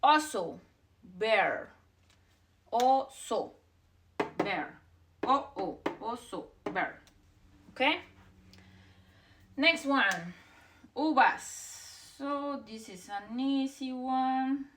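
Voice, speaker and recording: A woman's voice: high-pitched, lively intonation, drawn-out words, long pauses, a bit bright. A young woman whose first language is Spanish, teaching a beginner language lesson and patiently drilling each vowel and word over and over.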